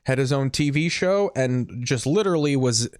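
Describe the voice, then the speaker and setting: A man's voice: mid-range voice, lively intonation, normal speed, darkish tone, clear, resonant tone, no room sound, clean studio sound. Sarcastic male podcast host. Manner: crude, sarcastic. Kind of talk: casual commentary.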